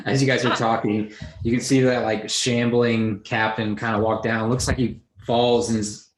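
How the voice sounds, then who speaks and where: A man's voice: mid-range voice, little pitch movement, normal speed, reverberant. A man casually narrating a tabletop role-playing game as game master.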